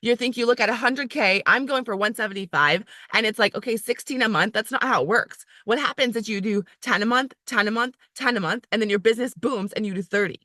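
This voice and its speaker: Woman, area manager, motivational team talk, bright forceful tone, chatty and emphatic, lots of "like". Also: fast, few pauses, dry recording, clean studio sound. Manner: acts out inner voices in a higher pitch.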